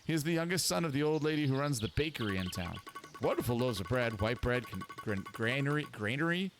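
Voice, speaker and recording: A man's voice: medium pitch, animated, fast talker, music in the background, close to an everyday voice. A man reading the lines of a chatty, gossipy woman neighbor who rambles and cuts people off. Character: chatty, nosy woman neighbor in wine country. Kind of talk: reading game dialogue aloud.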